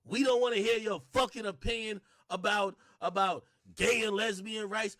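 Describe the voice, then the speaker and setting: A man hosting a livestream, talking in a casual rant that swings from low mutters to shouted bursts. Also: moderate pace, hardly any pauses, no echo, studio quality. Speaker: livestream host.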